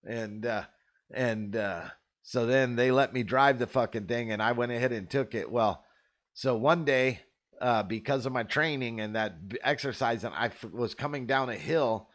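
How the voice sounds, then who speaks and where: A man's voice: mid-range voice, moderate pace, a bit bright. A man host telling rambling, profane stories in a laid-back, casual way. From Arizona. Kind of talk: casual storytelling.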